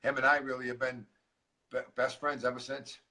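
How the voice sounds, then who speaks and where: Fast, bright-voiced man telling a story. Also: mid-range voice, distant mic, slight background noise, rough recording. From Massachusetts. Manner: animated storyteller acting out dialogue. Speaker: guest speaker, transformational coach. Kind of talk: storytelling interview chat.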